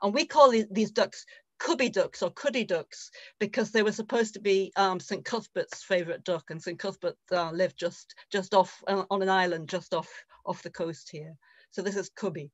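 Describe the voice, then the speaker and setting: A woman's voice: medium pitch, dry recording. Woman reciting dialect poetry, lilt. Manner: slow lilting recital in broad dialect. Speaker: poet reading at a festival. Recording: dull muffled sound, dry.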